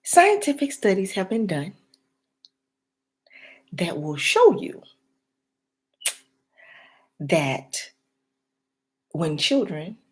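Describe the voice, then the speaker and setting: A woman who works as a life and health coach gives a motivational talk directly to the viewer, preacher-like, dropping to whispers and rising to loud emphasis. Her voice sits low.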